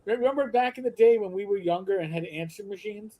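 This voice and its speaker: A man hosting a live stream, casually telling animated stories. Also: sits high, fast, no echo, narrow, tinny audio. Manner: animated storyteller, does voices. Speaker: podcast host.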